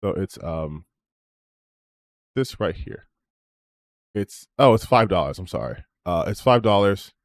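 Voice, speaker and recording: Low-voiced man rambling on a stream. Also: animated, a little slow, long pauses, no room sound. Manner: rambling, self-promoting, swears freely. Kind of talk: casual stream sign-off chat.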